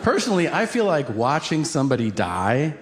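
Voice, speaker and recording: A man's voice: a little high, sing-song, fairly quick, a little hiss or hum. A male stand-up comedian doing a crude, self-deprecating set and acting out conversations, recorded live on a club stage with audience laughter behind.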